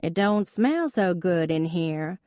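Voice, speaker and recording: A woman's voice: lowish voice, animated, moderate pace, warm tone, no echo, studio quality, close to an everyday voice. A woman voicing a wisecracking younger sister who puts on a drawling good old boy accent. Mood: joking drawl.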